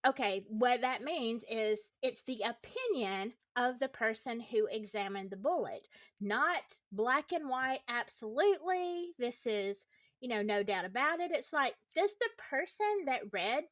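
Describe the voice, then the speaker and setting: A tired woman chatting casually on a livestream, opinionated and quick to get heated, with sarcastic asides and reading chat aloud. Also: on the high side, fairly bright tone. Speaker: YouTube true-crime commentator.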